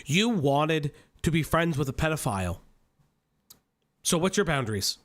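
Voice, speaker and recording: A man's voice: fairly high pitch, sing-song, moderate pace, a bit bright. Heated, foul-mouthed Italian American man. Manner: profane, mocking, heated. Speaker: commentary streamer. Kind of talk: reaction commentary.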